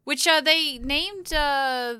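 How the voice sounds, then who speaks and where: A woman co-hosting a casual gaming talk show, expressive and laughing as she mock-quotes people. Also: sits high, slow pace. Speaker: podcast co-host. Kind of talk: casual chat.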